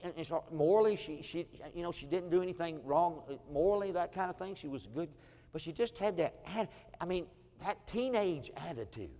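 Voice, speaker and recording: Storytelling pastor in a reverberant church. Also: male voice, a little high, expressive, brisk, dark tone. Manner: storytelling, acting out family quotes, chuckling asides. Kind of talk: sermon. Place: church sanctuary. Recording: long church hall reverb.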